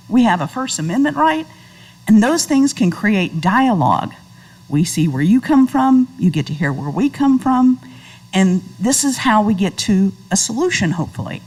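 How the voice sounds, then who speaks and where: A woman's voice: mid-range voice, a little mellow, rough recording. A woman speaking earnestly and conversationally during public comment at a school board meeting. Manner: earnest, conversational, faith-tinged.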